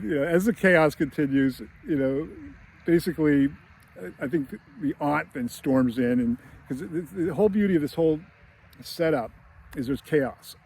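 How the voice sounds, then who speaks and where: A man talks through a film scene in a loose, rambling way, chuckling and leaning on fillers. His voice sits a bit high and is husky. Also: a little mellow. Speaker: screenwriting commentator. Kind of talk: casual film analysis.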